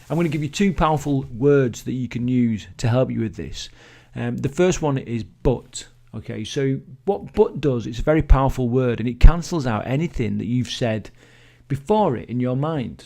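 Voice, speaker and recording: A middle-aged man teaches a business mindset in a loose, chatty way, swearing freely and restarting his sentences as he goes. His voice is gravelly and dark, sitting at an ordinary pitch. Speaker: business trainer. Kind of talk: motivational teaching talk.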